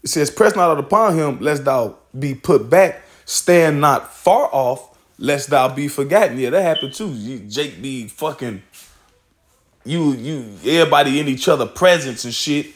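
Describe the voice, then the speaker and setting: A man's voice: mid-range voice, lively intonation, normal speed, fairly bright tone. A man teaching scripture in a loose, casual way, swearing and laughing often as he reads verses aloud.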